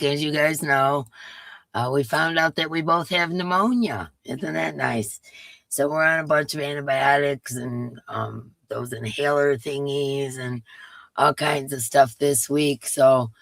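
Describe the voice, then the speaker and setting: Casting note: woman host, hoarse and gravelly, chatty, dry close sound. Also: low-pitched, takes it slowly, a bit bright, no room sound. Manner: chatty, reads viewer names aloud. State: hoarse, voice coming and going. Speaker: livestream host. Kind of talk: casual live-stream chat greeting viewers.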